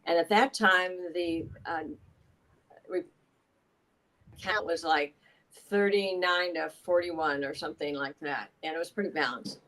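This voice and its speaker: A woman lawmaker speaks as a podcast guest, emphatic and long-winded, piling on asides. Her voice sits a bit low for a woman. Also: measured pace, pauses often, fairly bright tone, poor audio. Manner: emphatic, talks at length with asides. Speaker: state assemblywoman, podcast guest. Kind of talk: casual political interview.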